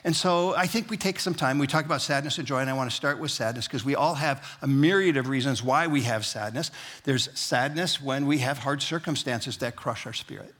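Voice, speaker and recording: A man's voice: mid-range voice, a little fast, a bit bright. A male pastor giving a sermon in a conversational, folksy way, with humorous asides, and leading his congregation to repeat lines back to him. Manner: leads the congregation in call-and-response.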